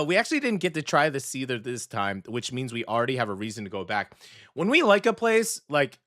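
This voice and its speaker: An American man hosting a casual radio food segment, chatty and animated, often correcting himself mid-sentence. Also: medium pitch, no room sound, clean studio sound. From United States. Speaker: radio host. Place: radio studio.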